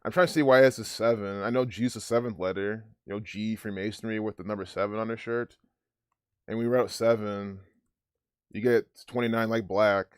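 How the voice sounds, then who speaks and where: Low-voiced man rambling over a clip. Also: fairly even intonation, clear, resonant tone, no echo, clean studio sound. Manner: rambling, profane, pausing to decode numbers. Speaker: video commentator. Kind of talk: casual commentary over a clip.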